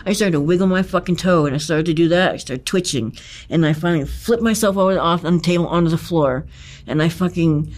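A man with a fairly high voice tells an interviewer about a personal ordeal. His speech is profane and halting, full of fillers, restarts and emphatic repetitions, and it stays intense throughout. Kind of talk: recounting a personal ordeal in conversation.

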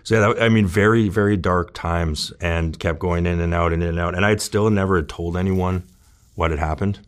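Guy with a really deep voice telling his recovery story, lots of "you know" and false starts. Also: steady tone. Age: adult with children. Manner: halting, earnest, full of restarts and "you know". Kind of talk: candid personal testimony.

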